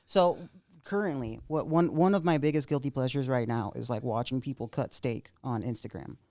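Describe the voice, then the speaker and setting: A man's voice: mid-range voice, moderate pace, darkish tone. A man talking as a podcast guest in a casual chat, rambling, swearing constantly and filling his talk with "like".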